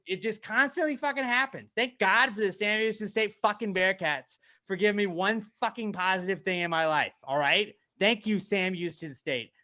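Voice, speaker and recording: Brief: male podcast co-host with a higher, bright voice, profane and self-mocking, swinging from mumbles to yelling. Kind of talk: casual comedic podcast chat.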